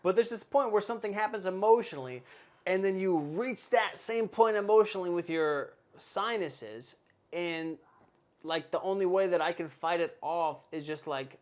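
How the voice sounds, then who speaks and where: Rambling and swearing in casual chat, this podcast host in his twenties has a high-pitched voice and talks at normal speed.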